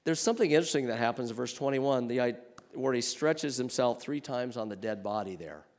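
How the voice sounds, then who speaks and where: A man preaching a sermon from the pulpit, earnest and searching. His mid-range voice rises at key points and drops low and soft at others, and he asks his listeners rhetorical questions. The sound carries the long reverb of a church hall. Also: animated, fairly quick. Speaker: pastor.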